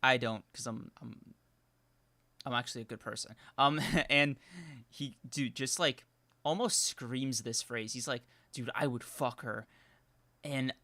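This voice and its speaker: A man's voice: mid-range voice, unhurried, dry recording. A young man co-hosting a casual live-streamed podcast, telling rambling stories full of fillers and restarts. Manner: rambling, animated storytelling with many fillers. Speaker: podcast co-host.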